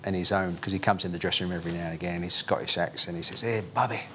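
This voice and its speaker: A man's voice: low voice, flat delivery, rapid-fire, sharp tone, a little hiss or hum. A man telling a jokey dressing-room story in an interview. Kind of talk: retrospective interview.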